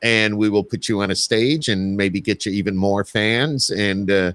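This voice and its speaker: Jokey podcast host with a Syracuse accent. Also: male voice, on the low side, steady tone, normal speed, a bit bright, no room sound. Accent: Central New York. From Central New York. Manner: jokey, rambling, laughs easily. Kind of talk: casual chat. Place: home studio.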